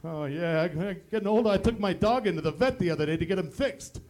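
Guy doing a griping old comic on a bar stage, high nasal-ish whine, oh yeah i tell ya. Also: fast, darkish tone, lightly acted. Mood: self-pitying. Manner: fills with "oh yeah" and "I tell you". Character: self-pitying older male stand-up comic, insecure. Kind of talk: stand-up comedy impression. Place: tavern stage.

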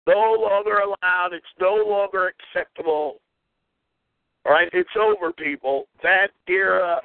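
A man's voice: on the high side, no echo. A man hosting a call-in talk show, ranting in an irate, repetitive way and trailing off mid-insult. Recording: tinny phone line.

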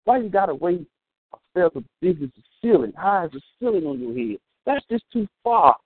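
A man preaches with a bright, high voice that leaps up and down in pitch. He jokes and calls out to the congregation as he goes. The sound is thin and phone-like, with no room echo. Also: brisk, slightly rough. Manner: animated, humorous preaching with call-outs to the congregation. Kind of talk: sermon.

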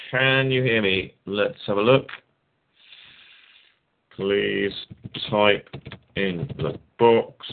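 A man hosting a casual test call, joking and muttering to himself as he checks settings. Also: lowish voice. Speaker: show host. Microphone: online call over landline. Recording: tinny phone-like line.

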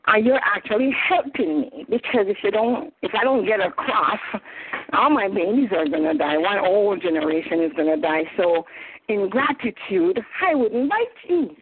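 A woman's voice: medium pitch, expressive, normal speed. A woman voicing a sly, persuasive male scorpion as she tells a fable. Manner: smooth-talking, wheedling. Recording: tinny phone line.

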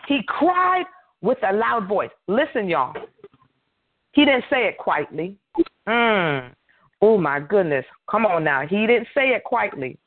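Fervent preacher woman over a tinny phone line. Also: medium pitch. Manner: fervent preaching with drawn-out scripture reading and calls of hallelujah. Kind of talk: sermon.

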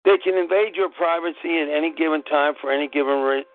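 A man's voice: on the high side, fast talker. A man hosting his own call-in talk show, delivering an emphatic, rambling solo monologue that often repeats itself. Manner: emphatic, repeats himself, digresses. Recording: tinny phone-line call-in broadcast.

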